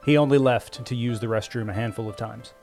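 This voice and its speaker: Man narrating a story over soft music. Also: medium pitch. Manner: measured, even storytelling. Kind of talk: scripted audiobook narration. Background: faint music score.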